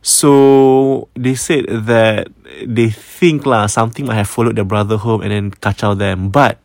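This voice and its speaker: A man's voice: on the low side, fairly even intonation, a little slow, vocal fry, dry recording. A man with a Malaysian English accent, telling a ghost story casually, chatty and sprinkling in Malay words. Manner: chatty, mixes Malay words, frequent restarts.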